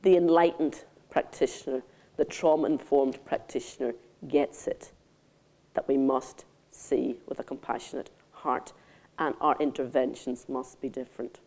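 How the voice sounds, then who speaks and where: On a conference hall stage, an older woman gives a keynote speech in an extremely low, warm voice, unhurried and fairly even in intonation. Her style is theatrical yet intimate, and she calls the audience darlings.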